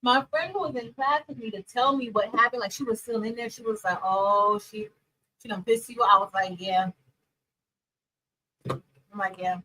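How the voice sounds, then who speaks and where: A woman chatting casually and telling a story straight to her viewers, animated, calling them y'all and girl. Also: a little high, normal speed, long pauses, low-quality recording. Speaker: crafting vlogger and teacher.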